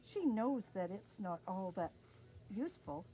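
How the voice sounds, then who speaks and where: Slow, lively Canadian woman reading a story to kids. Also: mid-range voice. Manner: slow, sing-song and expressive, talking to kids. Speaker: early years storyteller. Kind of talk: reading a picture book aloud to young children.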